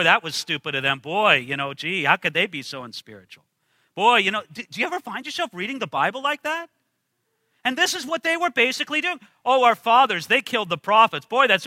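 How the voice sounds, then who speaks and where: A man preaching a sermon, swinging between loud emphasis and hushed passages as he reads scripture aloud. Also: very high voice, dry recording, in a large hall. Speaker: pastor.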